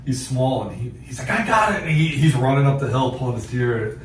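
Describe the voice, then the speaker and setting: A man hosting a podcast, telling a hunting story in a casual, animated way, laughing often and acting out what people said. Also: medium pitch, brisk. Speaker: podcast host. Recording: echoey distant mic with background noise.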